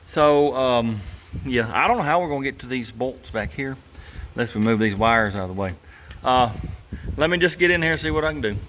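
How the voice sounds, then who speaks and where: A man's voice: medium pitch, animated, brisk, fairly bright tone, a little hiss or hum. Chuckling man in his garage. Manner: folksy, chuckling, grumbles about engineers. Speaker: garage channel host. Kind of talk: casual workshop narration.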